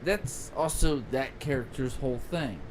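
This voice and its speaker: A man's voice: mid-range voice, a little slow, darkish tone, poor audio. A man co-hosting a podcast in casual chat, rambling and opinionated. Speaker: podcast co-host. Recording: noticeable background noise.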